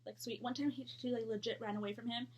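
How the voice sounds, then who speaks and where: A woman's voice: fairly high pitch, steady tone, quick pace, a little mellow, highs cut off, a little hiss or hum. A woman in her thirties telling a storytime vlog in a blunt, heated, profane way.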